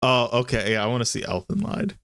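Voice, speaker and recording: A man's voice: mid-range voice, very animated, a little fast, fairly bright tone, no echo. A man co-hosting a podcast in casual chat who laughs often, swears and reads reviews aloud. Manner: laughs often, profane, drifts into dropped tones. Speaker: podcast co-host.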